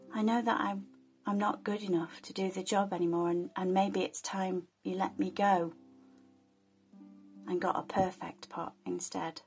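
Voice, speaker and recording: A woman storyteller voicing a sad, ashamed male cracked pot who whispers haltingly and apologizes. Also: mid-range voice, close to an everyday voice. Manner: whispering, hesitant.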